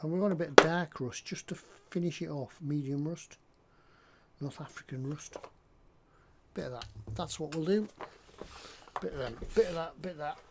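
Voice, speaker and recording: A man with a voice pitched a little above the usual chats away while he works at his hobby bench. His talk is loose and rambling, full of small jokes and side tangents. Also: normal speed, long pauses, very noisy. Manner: rambling and jokey, drifts off topic. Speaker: scale model builder. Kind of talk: casual chat while working on a model. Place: hobby workbench indoors.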